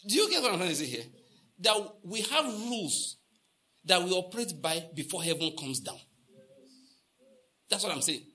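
A man's voice: fairly high pitch, big pitch swings, brisk, pauses often, pushed and bright, husky. A Nigerian man preaching a sermon, telling stories and acting out the dialogue, repeating lines for emphasis and asking the congregation questions. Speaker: pastor.

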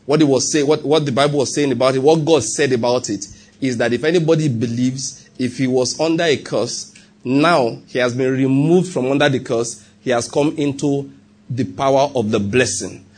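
A man's voice: medium pitch, moderate pace, darkish tone, slightly rough. A man preaching a sermon as pastor, repeating his points and checking in with the congregation.

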